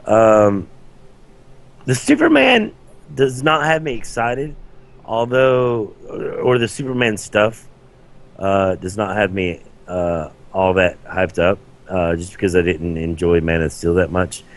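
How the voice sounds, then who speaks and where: Casting: young adult man, very low voice, casual podcast co-host, loose and rambling. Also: lively intonation, slow pace. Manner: chatty, hesitant with many restarts. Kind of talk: casual chat.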